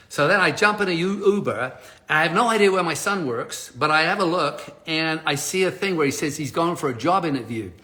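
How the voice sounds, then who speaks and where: A middle-aged man hosts a live stream and tells his viewers a personal story, acting out the dialogue. His voice is slightly high, bright, and pushed. He is a live stream host and a speaker on change.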